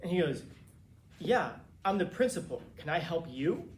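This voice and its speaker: A man from Los Angeles tells his class a story in a loose, lively way, acting out the other people's lines. His voice sits a little high. The classroom is roomy, with a faint hum of ambience behind him. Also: moderate pace. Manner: casual, animated retelling with quoted dialogue. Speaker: teacher. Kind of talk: storytelling to students.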